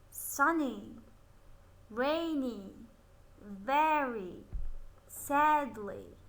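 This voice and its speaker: A woman teaching young children to read, her high, bright voice swinging up and down as she stretches out each word very slowly. She praises every answer with a cheerful "good job" and keeps the whole lesson in a patient, sing-song teacher's rhythm. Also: low-quality recording. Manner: slow, drawn-out word modelling with frequent cheerful praise.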